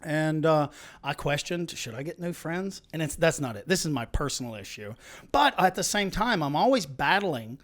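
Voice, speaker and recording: A man's voice: a little high, animated, normal speed. A man hosting a casual podcast chat, laughing easily and jumping between topics. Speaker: podcast host.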